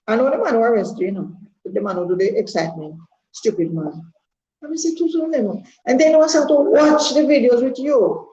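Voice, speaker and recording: A sixty-eight-year-old Jamaican woman speaks her mind as a party member in candid testimony, her voice a little high and mellow. Earnest and rambling, she repeats words for emphasis. The recording is echoey, dull and lo-fi, with a little hiss or hum.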